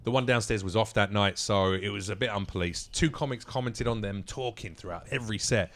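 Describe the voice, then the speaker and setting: A man's voice: lowish voice, fairly quick, fairly bright tone. A man, a guest comedian telling a story on a podcast in a casual, self-mocking way with lots of swearing.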